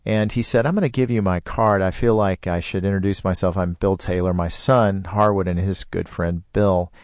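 A man telling a personal story in casual conversation, lively, with sound effects. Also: low-pitched, normal speed, no room sound. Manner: animated, with sound effects and put-on voices in quotes. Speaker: storyteller guest.

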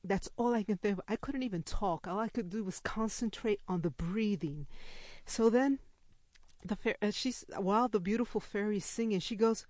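A woman storyteller telling a personal story to a live audience, animated and laughing as she acts out the quoted speech. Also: mid-range voice, normal speed, no echo.

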